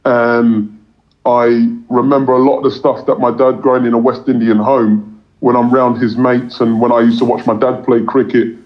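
In a dull, lo-fi recording, an Englishman who commentates on cricket chats casually in an interview. His medium-pitched delivery is flat and at normal speed, and he rambles, repeating words and using plenty of fillers.

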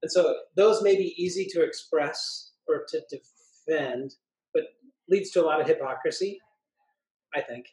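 A man co-hosting a church podcast, talking things through animatedly, restarting sentences and slowing down to quote scripture. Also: a little high. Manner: animated, thinks aloud with restarts, quotes scripture in slow emphasis. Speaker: pastor co-host of a church podcast. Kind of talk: casual podcast discussion. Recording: roomy echo.

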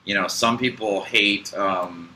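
A man with a low voice and a bright, forceful edge, chatting on a podcast about spiritual ideas. He rambles and restarts his sentences often, with a faint hum of room ambience behind him. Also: slow pace, low-quality recording. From United States. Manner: rambling, hesitant, many fillers and restarts. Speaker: podcast co-host. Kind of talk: casual spiritual podcast chat.

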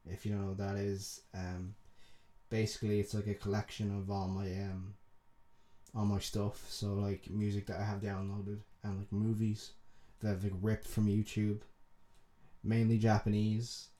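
Warm and on the low side, this young man's voice stays monotone at a normal speed as he co-hosts a podcast with a Dublin accent. He rambles, swears freely and laughs a lot in casual conversation.

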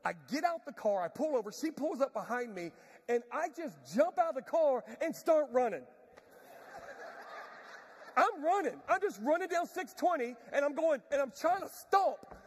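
A pastor telling a self-mocking story in a sermon, animated and laughing often. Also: male voice, very high-pitched, moderate pace. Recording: long reverb of a large hall.

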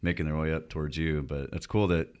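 A man's voice: extremely low pitch, little pitch movement, quick pace, a little mellow, clean tone. A man co-hosting a podcast, chatting in an easygoing, joking way. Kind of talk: casual podcast chat.

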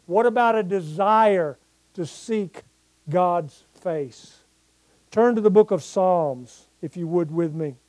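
A man's voice: sits high, slow, darkish tone, no echo. An older man preaching a sermon as pastor, talking plainly with his congregation and rising into emphatic scripture reading.

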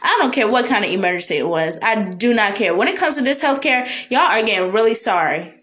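A woman on a podcast telling a personal story in a blunt, animated, casual way, with Southern US slang. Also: fairly high pitch, fairly quick, rough recording. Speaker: podcast guest.

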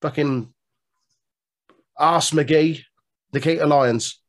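A man's voice: on the high side, very slow. A man co-hosting a podcast, joking and swearing freely in casual chat. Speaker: podcast co-host.

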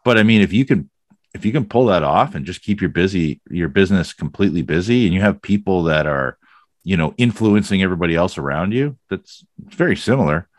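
A man's voice: deep voice, expressive, a little fast, dry recording. A man hosting a podcast, chatting casually and rambling with many fillers. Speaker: podcast host. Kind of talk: casual conversation.

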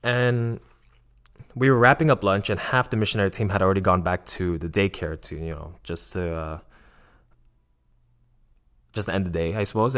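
A fairly low-pitched young man talks through a personal story in a loose, rambling way. He leans on fillers and restarts, and jumps up in pitch when he acts out other people's lines. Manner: rambling, filler-heavy, animated quoting of others. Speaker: former missionary telling a story. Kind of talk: casual storytelling.

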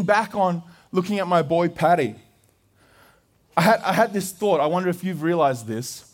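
An Australian man in his thirties, a pastor, preaching a sermon through a lively personal story full of restarts and laughter. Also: high voice, normal speed.

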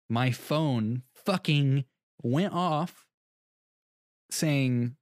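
A man's voice: medium pitch, very slow, long pauses, darkish tone, no echo, clean studio sound. A young man co-hosting a podcast in casual chat, rambling through a story, restarting his sentences and laughing at himself. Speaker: podcast co-host.

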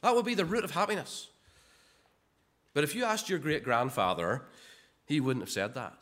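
A man's voice: on the high side, expressive, normal speed, fairly bright tone. Man, sermon, conversational, repeats himself, rhetorical questions. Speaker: preacher.

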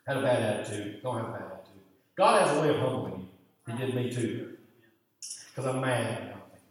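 Male preacher, storytelling sermon, lively acted-out asides, long reverb, distant mic, faint room noise. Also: moderate pace. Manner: storytelling, acts out his own thoughts with big pitch jumps; drops to a muttering hush for inner grumbling. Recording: echoey hall, voice from far off, faint ambience.

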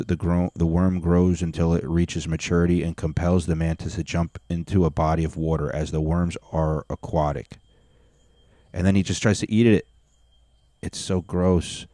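Man hosting reaction videos, low mellow voice, blunt and profane, close dry mic. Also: no echo. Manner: blunt, profane, sarcastic asides. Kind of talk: casual reaction commentary.

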